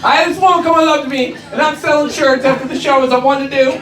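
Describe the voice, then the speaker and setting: High-voiced brash male stand-up comic. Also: fast talker. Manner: brash, swearing, storytelling with quoted voices. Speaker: stand-up comedian. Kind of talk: stand-up comedy set. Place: comedy club stage before a live audience. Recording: roomy club recording from a distance, crowd laughter.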